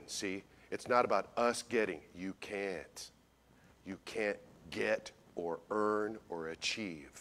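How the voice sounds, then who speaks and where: A man preaching a Christmas sermon as pastor, folksy and animated, talking straight to his congregation and swinging from loud to hushed. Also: lowish voice. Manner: folksy, addresses congregation directly.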